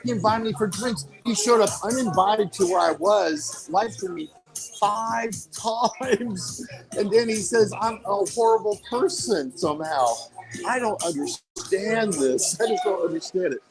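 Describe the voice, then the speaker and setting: A man streams live on his phone from an outdoor street, rambling in loose, repetitive bursts with a mocking, swearing edge. His voice sits a little higher than most men's, with faint music in the background. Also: unhurried, creaky, poor audio.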